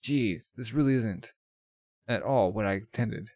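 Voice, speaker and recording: A man's voice: fairly low pitch, measured pace, a little mellow, dry recording. Casual guy reading a manga aloud. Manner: casual, adds jokey asides and sound effects. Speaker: manga reader.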